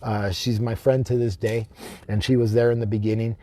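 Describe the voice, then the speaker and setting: A man, a shamanic drum healer, giving a heartfelt live-streamed spiritual talk, slow and repetitive with chanted invocations, teary-eyed and speaking to his own camera. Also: fairly low pitch, little pitch movement, warm tone, no echo. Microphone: self-filmed camera.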